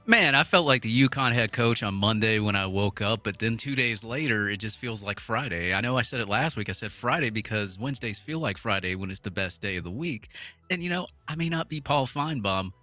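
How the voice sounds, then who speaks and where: A man's voice: on the low side, expressive, a little fast, pushed and bright, dry recording, faint music behind. A man co-hosting a casual sports show, talking in a hype, jokey, punchy way.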